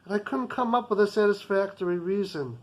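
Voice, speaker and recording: A man's voice: high voice, brisk, low-quality recording. A man playing a hot-tempered rich boss. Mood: remorseful. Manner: intense, driven, emphatic. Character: rich, hot-tempered male business boss, middle-aged.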